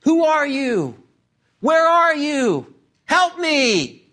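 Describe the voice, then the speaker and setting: A preacher voicing a panicked man hanging from a cliff branch, yelling for help in a much higher, louder voice. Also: wildly swooping pitch, moderate pace, exaggerated voice. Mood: frantic. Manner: frantic yelling.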